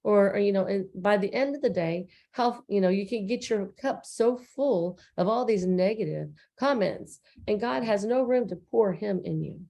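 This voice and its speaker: A woman's voice: mid-range voice, normal speed, creaky, few pauses, dark tone. A woman co-hosting a casual recap chat, talking earnestly and loosely with plenty of fillers. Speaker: co-host.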